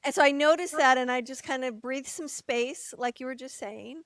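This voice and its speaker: A woman co-hosting a podcast who tells a candid personal story in an animated way, acting out quotes and sometimes swearing. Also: high voice, normal speed, no echo. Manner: animated, laughs, acts out quotes. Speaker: podcast co-host.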